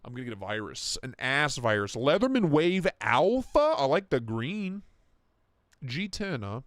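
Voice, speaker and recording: A man's voice: a little high, a bit bright, no room sound, studio quality. A man hosting a casual livestream, joking crudely, laughing a lot and reading out donations. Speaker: livestream host.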